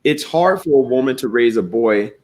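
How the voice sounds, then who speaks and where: A man hosting a morning talk show, telling stories in an animated way, swearing freely and reading viewer comments aloud. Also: mid-range voice, moderate pace.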